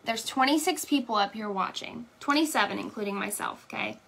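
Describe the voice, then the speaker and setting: A woman's voice: mid-range voice, brisk, creaky, fairly bright tone, slightly rough. A young woman leading a sales team, giving an emphatic motivational talk on a live stream and checking in with "okay?" after nearly every point. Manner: emphatic, repeats "okay?" and "right?". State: tearing up. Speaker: direct sales team leader.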